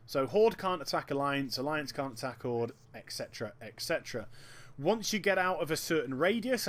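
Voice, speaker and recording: A man giving chatty, joking commentary over a video game. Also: medium pitch. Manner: animated and chatty, with quick jokes. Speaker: gameplay commentator. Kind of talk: gameplay commentary.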